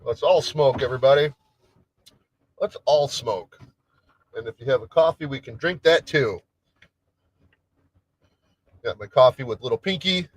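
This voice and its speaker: A man's voice: mid-range voice, unhurried, pauses often, dry recording, poor audio. A man hosting a casual solo livestream, chatting in a rambling way with lots of restarts and trailing thoughts. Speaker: livestream host. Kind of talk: casual solo stream chat.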